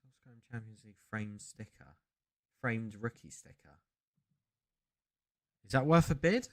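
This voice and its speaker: Chatting on a relaxed live stream, a man who deals in sports cards talks with an animated, medium-pitched voice that's a little mellow and measured in pace. He's a rambling storyteller who breaks off mid-thought to chase new tangents.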